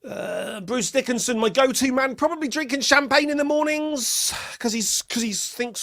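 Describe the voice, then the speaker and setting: A man's voice: extremely high pitch, normal speed, vocal fry, few pauses, fairly bright tone, no echo. Wry rambling man, dry close sound. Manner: rambling, wry storytelling with acted-out quotes. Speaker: podcast host. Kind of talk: solo podcast monologue.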